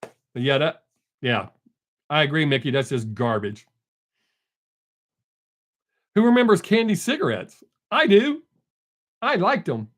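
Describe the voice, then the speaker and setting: A man's voice: fairly high pitch, very animated, measured pace, pauses often. An older man hosting a live stream, in casual folksy chat, joking and greeting viewers from the chat by name.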